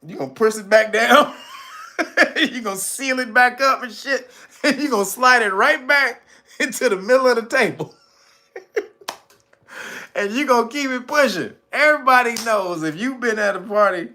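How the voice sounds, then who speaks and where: A man's voice: very high voice, normal speed, pauses often, bright, forceful tone. A man hosting a casual commentary monologue, blunt and profane, laughing often. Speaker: channel host.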